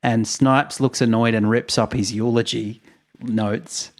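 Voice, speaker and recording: A man's voice: mid-range voice, steady tone, unhurried. A man, co-hosting a podcast, retelling events in a rambling, wry way with chuckles. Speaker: podcast co-host. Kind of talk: casual storytelling chat.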